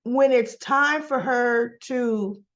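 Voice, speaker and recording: A woman's voice: a little high, slow pace, lo-fi sound. A woman reviewing a soap opera episode in a casual, chatty recap, often checking in with "right?" and acting out characters' lines.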